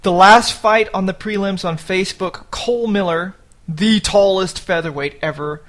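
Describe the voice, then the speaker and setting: A man with a fairly high speaking voice hosts a relaxed podcast chat. He jokes around and swears now and then. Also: normal speed. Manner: chatty, jokey, swears casually. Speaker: podcast host. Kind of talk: casual chat.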